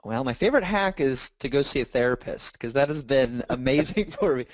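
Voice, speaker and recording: A man's voice: mid-range voice, brisk, dry recording. A man in his thirties, an author and speaker, telling stories in a casual interview and acting out the dialogue he quotes. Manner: animated storytelling, acts out quoted dialogue.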